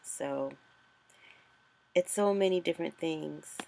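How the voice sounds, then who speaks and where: Low, gravelly-voiced woman talking casually. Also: slow, darkish tone, slight background noise. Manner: chatty, thinking aloud, self-correcting. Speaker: author and vlogger. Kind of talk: casual screen-recorded tutorial.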